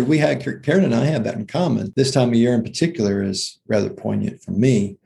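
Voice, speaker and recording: A man's voice: mid-range voice, a little fast, creaky, few pauses, warm tone. A man co-hosting a conversational health podcast, explaining ideas with frequent restarts and checking in with his listener. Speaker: co-host, health practitioner. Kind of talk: casual conversational podcast talk.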